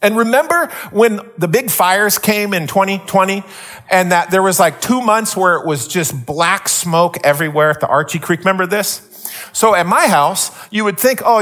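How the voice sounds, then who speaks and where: Bright-voiced man preaching with humor. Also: sits high. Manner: animated storytelling, rising into excited exclamations. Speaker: pastor. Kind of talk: sermon with personal stories.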